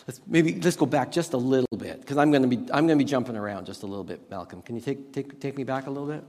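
A man preaching a sermon as pastor, teaching on Hebrew words with lively rhetorical questions. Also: mid-range voice, fast talker, long reverb tail. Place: church sanctuary with tech team.

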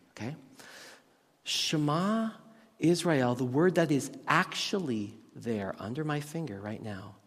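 A man preaching a sermon as pastor, teaching on Hebrew words with lively rhetorical questions. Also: on the high side, in a large hall. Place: church sanctuary with tech team.

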